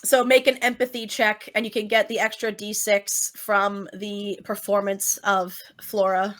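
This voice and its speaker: A woman's voice: medium pitch, little pitch movement, a little slow, fairly bright tone. A woman running a tabletop game as game master, narrating in a chatty way full of fillers and easy laughter.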